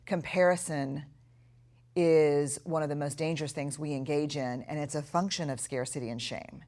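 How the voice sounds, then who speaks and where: A middle-aged woman teaching a recorded lesson in a notably low voice. She speaks earnestly and reflectively and slows right down to lean on key words. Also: fairly even intonation, mellow. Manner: earnest, reflective, with slow emphatic stretches. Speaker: course instructor.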